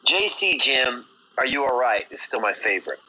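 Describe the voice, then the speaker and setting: A man's voice: medium pitch, expressive, moderate pace, sharp tone, slight background noise, low-quality recording. A man joking around and chatting casually with friends on a live stream. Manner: joking, laughs at his own lines.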